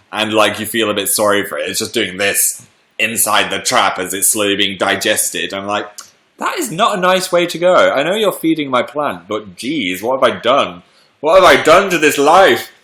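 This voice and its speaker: A man's voice: lowish voice, pushed and bright. A British man hosting a livestream in casual chat, playfully reading out viewer comments and answering them.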